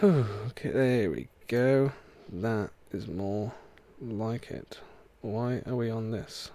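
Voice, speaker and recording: A man's voice: lowish voice, slow, mellow. A man chatting casually as he streams a racing game, laughing often and reading chat aloud. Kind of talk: casual gameplay commentary. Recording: game music behind the voice.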